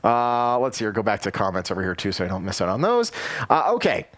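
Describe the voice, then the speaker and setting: A man's voice: lowish voice, very animated, fast talker, fairly bright tone. A man hosting a casual live show, reading news items aloud with playful asides. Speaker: radio and TV show host. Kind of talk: casual live-stream chat.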